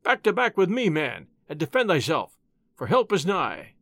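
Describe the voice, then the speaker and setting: A man's voice: a little high, wildly swooping pitch, moderate pace, vocal fry, fairly bright tone, no echo, studio quality, heavily acted. A man voicing a bold, hearty outlaw in a storybook reading. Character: bold cheerful outlaw, big brave man.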